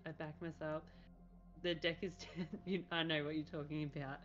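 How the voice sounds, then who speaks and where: A woman's voice: low-pitched, flat delivery, moderate pace. A woman with a New Zealand accent hosting a casual live stream, chatty and giggly as she reads out viewer comments. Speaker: streamer host. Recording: dull lo-fi stream audio with faint music.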